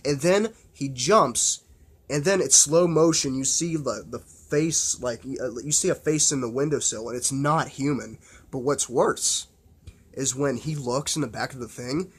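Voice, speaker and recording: A man in mid pitch, talking off the cuff about films he loves. He rambles, trips over restarts and fillers, and swears without a second thought. His enthusiasm keeps pushing him onward. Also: measured pace, husky. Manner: blunt and profane. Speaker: horror film vlogger. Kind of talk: casual unscripted film talk.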